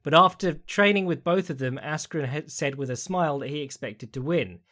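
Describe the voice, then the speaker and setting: A man hosting a solo podcast, reading out listener questions and answering in a rambling, chatty way with quick asides. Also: a little high, fairly bright tone. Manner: mimics people in quoted voices. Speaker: podcast host.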